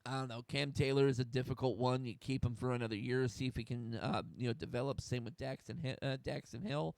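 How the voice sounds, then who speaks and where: A man's voice: medium pitch, fairly even intonation, a little fast, vocal fry, a little mellow, dry recording, clean studio sound. A young man from the United States hosting a solo sports talk stream, getting fired up, swearing and restarting his sentences. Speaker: host.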